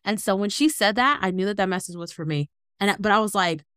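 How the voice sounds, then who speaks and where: Animated, smooth-voiced woman telling her story. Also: medium pitch, fast, hardly any pauses, no room sound, studio quality. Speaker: guest, entrepreneur. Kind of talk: conversational interview storytelling.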